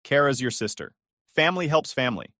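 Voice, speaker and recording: A man's voice: mid-range voice, lively intonation, fairly quick, no echo, clean studio sound. A man voicing a firm, stern middle-aged father in a synthetic storytelling voice. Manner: firm, sharp.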